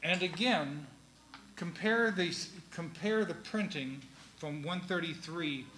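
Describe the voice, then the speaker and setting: Slow, halting man lecturing in an echoey room. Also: a little high, pushed and bright, a little hiss or hum. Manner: halting, deliberate, many ums and restarts. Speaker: lecturer on Shakespeare's verse. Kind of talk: classroom lecture.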